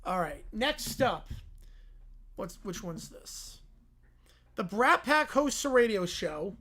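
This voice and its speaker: A woman hosting a casual livestream, reading silly stories aloud in an animated way and laughing often. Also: medium pitch, takes it slowly. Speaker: livestream host.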